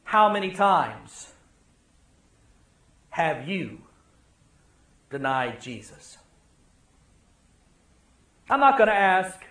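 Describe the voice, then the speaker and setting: A man's voice: high-pitched, sing-song, extremely slow, pauses often, sharp tone, roomy sound. A man preaching a sermon as a pastor in a church, with dramatic delivery and emphatic repetition.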